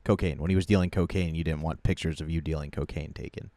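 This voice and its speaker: A laid-back male podcast co-host with a very low, gravelly voice. He drops quick wisecracks into the chat, recorded close and dry. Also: steady tone, warm tone, no echo. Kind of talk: casual chat.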